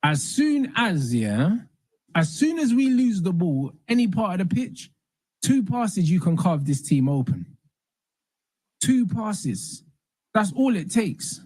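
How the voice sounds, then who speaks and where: A man reacts to a football match and keeps repeating the same complaints about the defending. His voice is husky and mellow. It rises and falls a great deal as he talks. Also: high voice, big pitch swings, slow pace, no echo. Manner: exasperated, repetitive complaining. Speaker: fan in reaction clip.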